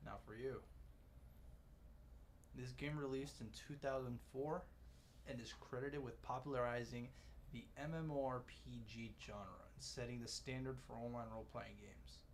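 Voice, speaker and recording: A man's voice: medium pitch, steady tone, moderate pace, slight background noise. A man on a podcast asking trivia questions in casual chat. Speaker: trivia quizmaster.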